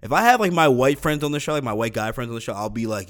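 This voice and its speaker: A young man talking off the cuff on his own podcast, swearing freely and circling back through restarts and fillers. His pitch sits in the ordinary middle range for a man. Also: expressive, fast, a bit bright. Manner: rambling, profane, full of fillers and restarts. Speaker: podcast host. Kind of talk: casual solo podcast rant.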